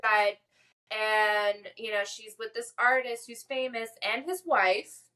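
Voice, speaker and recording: A woman's voice: fairly high pitch, steady tone, takes it slowly, bright, forceful tone. A woman co-hosting a podcast, recapping an episode in casual chat full of filler words. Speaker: podcast co-host.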